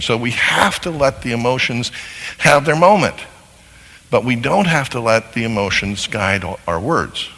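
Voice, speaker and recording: A man giving a live teaching talk to an audience in a large hall, animated and acting out little dialogues as he explains. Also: medium pitch, a little fast. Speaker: seminar speaker on marriage. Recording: long hall reverb.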